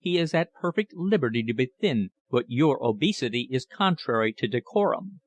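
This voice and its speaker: A man's voice: medium pitch, animated, moderate pace, close to an everyday voice. A man reading an audiobook voicing a theatrical, grandiloquent middle-aged father with pompous phrasing.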